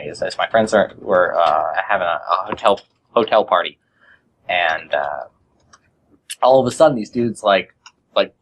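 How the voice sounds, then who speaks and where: A man's voice: lowish voice, fairly bright tone, a little hiss or hum, rough recording. A man from Boston chatting casually on a podcast, telling stories with lots of fillers and restarts. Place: shared office.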